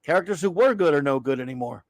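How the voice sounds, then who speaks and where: A man's voice: fairly high pitch, lively intonation, quick pace, no echo. A middle-aged man hosting a casual live-stream show, ranting with exasperated sighs, rambling restarts and trailing remarks. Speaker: show host.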